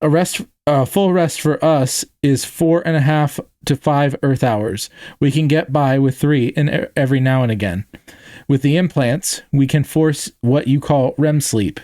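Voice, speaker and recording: A man's voice: medium pitch, a little slow, darkish tone, dry recording, clean studio sound, natural voice. A man voicing a polite female alien team leader who speaks stiffly and formally. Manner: stiff formal speech without contractions.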